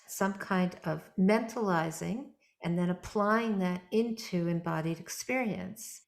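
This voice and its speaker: A woman hosting a podcast interview, reflecting thoughtfully on what her guest says. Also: medium pitch. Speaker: podcast host and therapist.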